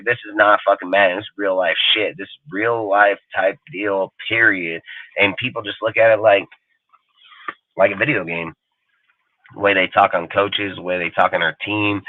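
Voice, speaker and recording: This sports talk show host is a man with a low voice, ranting heatedly with nonstop profanity and emphatic repetition. The audio has no room sound and a dry, phone-like quality.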